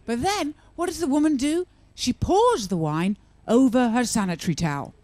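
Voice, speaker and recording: Female stand-up comic, chatty and sarcastic, animated delivery. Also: high-pitched, normal speed. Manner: chatty, teasing the crowd, sarcastic asides. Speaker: stand-up comedian. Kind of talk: stand-up comedy set. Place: live comedy venue with audience.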